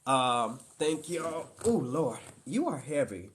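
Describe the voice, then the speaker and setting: A man's voice: mid-range voice, sing-song, slow pace, a bit bright, slight background noise. A man hosting a casual live stream, a father who talks in a playful, teasing way and turns to his viewers as "y'all".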